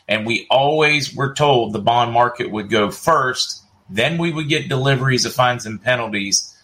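A man's voice: mid-range voice, bright, forceful tone. A middle-aged man hosting a casual livestream, chatting and reading viewer comments aloud with frequent laughs. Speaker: livestream host.

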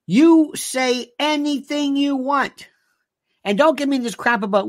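A man's voice: very high-pitched, very animated, unhurried, a bit bright. A man hosting his own show, delivering an emphatic, opinionated monologue and repeating himself for emphasis. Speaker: show host.

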